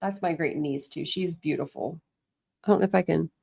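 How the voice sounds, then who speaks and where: A woman's voice: low-pitched, moderate pace, creaky, darkish tone, husky, no room sound, studio quality. A middle-aged woman chatting casually on a livestream, gushing and rambling as she shows family photos.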